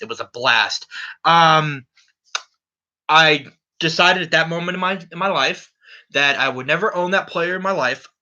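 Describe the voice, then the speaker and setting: A man's voice: mid-range voice, pushed and bright, dull audio. Brash, profane fantasy league commissioner man. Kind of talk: casual solo podcast recap.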